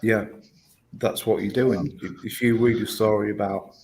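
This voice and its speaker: A man talks slowly in a low, level voice, rambling and swearing freely as he spins an idea out. His delivery stays unhurried and flat, with a faint hiss under the recording. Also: rough recording. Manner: rambling, swears a lot, slow and emphatic. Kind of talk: casual stream chat.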